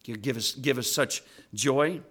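A man, a father, preaching a sermon to children, swinging from loud impassioned rises to quiet earnest asides. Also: medium pitch, measured pace, slightly rough. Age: adult with children. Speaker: pastor.

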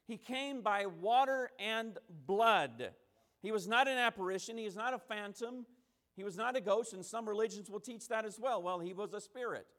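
High-voiced man preaching emphatically. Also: lively intonation, moderate pace, fairly bright tone. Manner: emphatic, repeating and restarting phrases, acting out quotes. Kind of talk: sermon.

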